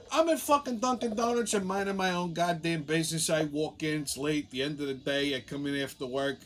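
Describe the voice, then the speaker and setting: A man's voice: fairly high pitch, a bit bright, slight background noise. A man hosting a show, telling a rambling comic story full of profanity. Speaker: show host.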